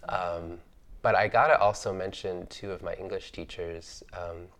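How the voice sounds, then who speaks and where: A man's voice: deep voice, steady tone, normal speed, a bit bright. A man on an artist panel, telling stories about his early influences in a thoughtful, chatty way, with lots of fillers and easy laughter. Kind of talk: reflective conversational storytelling.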